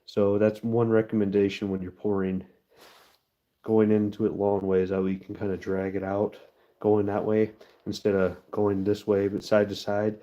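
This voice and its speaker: A man's voice: fairly low pitch, completely flat delivery, moderate pace, dark tone, dull audio. A man casually chatting with his live-stream viewers while he works, laid-back and chatty. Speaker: livestream host pouring metal.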